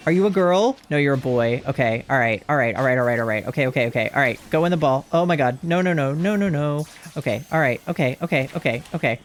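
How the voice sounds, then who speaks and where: A young adult man chatting through a live game stream, rambling when calm and then panicked and swearing with excitement. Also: medium pitch, fast talker, few pauses.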